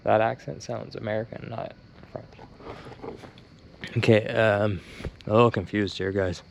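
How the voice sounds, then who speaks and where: A man's voice: fairly low pitch, steady tone, a little slow, creaky, slight background noise. Rambling young man vlogging outdoors at dusk. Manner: rambling, joking, talks to the camera. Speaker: travel vlogger. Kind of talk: casual vlog talk to camera. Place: outdoors on hillside streets at dusk. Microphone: handheld action camera.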